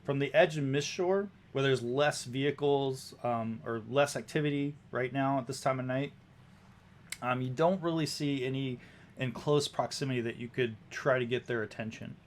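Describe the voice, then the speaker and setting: Man narrating as game master. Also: medium pitch. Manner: unhurried, descriptive, many fillers.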